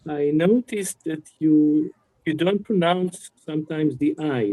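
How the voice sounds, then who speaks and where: Curious male student, mellow and dry. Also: on the high side, slow, rough recording. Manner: curious, questioning. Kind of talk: asking questions in class.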